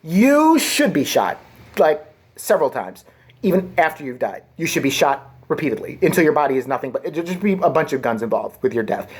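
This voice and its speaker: Woman ranting with wildly swinging pitch. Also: wildly swooping pitch, fast, a little mellow, breathy edge. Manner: crude, sarcastic, swings into mocking voices. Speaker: vlogger. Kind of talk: profane comedic rant.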